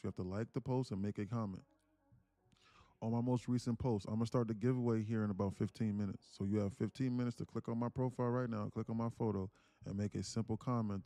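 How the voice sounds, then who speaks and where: A man's voice: lowish voice, warm tone, no room sound. A man hosting a trading live stream in a loose, casual way, often repeating himself and restarting phrases as he reads the chat. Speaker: livestream trading host.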